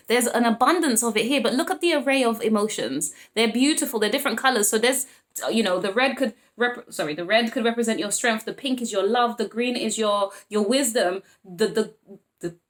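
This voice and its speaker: A woman giving a casual tarot reading, gushing and emotional, calling listeners sweetie pies and baby, and rambling with many restarts and corrections. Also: fairly high pitch. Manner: excitable and emotional, quick to laugh. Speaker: tarot reader.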